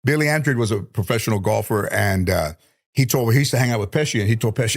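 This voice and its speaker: A man's voice: lowish voice, fast talker. A man as a comedian guest telling stories casually, swearing often and laughing through his lines. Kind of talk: casual storytelling.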